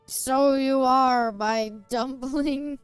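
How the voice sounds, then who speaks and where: A woman voicing a smug, lecherous male master in a slow, teasing drawl. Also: high voice, steady tone, clear, resonant tone, no room sound, faint music behind, low-quality recording. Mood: leering.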